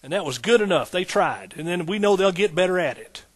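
A man's voice: sits high, lively intonation, brisk, slightly rough. A man preaching a sermon as pastor, building points through rhythmic repetition and folksy asides.

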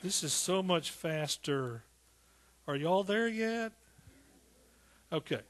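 A man's voice: sits high, lively intonation, slow, fairly bright tone. A man preaching a sermon in a fervent, rhythmic way, often calling out to his listeners. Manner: fervent, rhythmic preaching with repeated calls to the congregation.

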